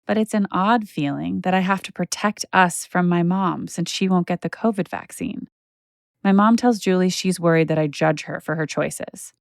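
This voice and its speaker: A woman in her thirties narrates a documentary in a quiet, reflective way. Her low voice has a gravelly edge. The sound is dry and close, with faint music underneath. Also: moderate pace, no room sound. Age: 30s. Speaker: host and narrator.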